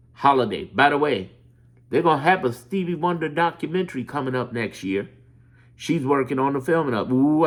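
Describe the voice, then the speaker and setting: A man from Chicago talking in a loose, animated monologue, rambling, swearing and laughing as he tells stories. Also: medium pitch. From Chicago, USA. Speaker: political commentator. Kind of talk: casual monologue.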